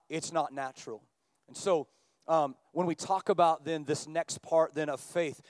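A man preaching a sermon as pastor, building up with animated emphasis and quickening delivery. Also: no echo. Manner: animated preaching, rising in pitch and volume as he builds.

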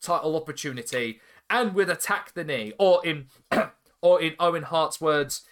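A man hosting a podcast, recapping in a casual way with animated storytelling, swearing freely and laughing often. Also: a little high, normal speed. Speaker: podcast host.

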